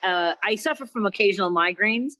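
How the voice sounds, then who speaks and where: Animated mock-outraged woman from Chicago. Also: medium pitch, a little fast, no room sound. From Chicago, USA. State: suffering a migraine. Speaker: comedian and talk show host guest. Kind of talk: stand-up style ranting story. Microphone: video call.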